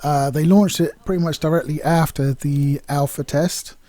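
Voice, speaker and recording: A man's voice: on the high side, fairly even intonation, normal speed, mellow, no room sound. A man giving a casual, candid video game review, chatty and rambling with plenty of fillers.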